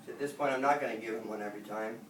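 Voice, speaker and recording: A man working as a dog trainer, explaining the training casually while he works, relaxed and rambling with many fillers. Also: lowish voice, rapid-fire. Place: indoor dog facility. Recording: roomy, distant camera sound, noisy.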